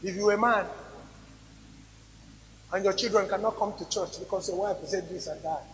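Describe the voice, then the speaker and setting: A man preaching a sermon as pastor, swinging between loud emphatic rises and quiet drops. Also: sits high, normal speed, slight background noise. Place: church hall. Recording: reverberant church hall recording.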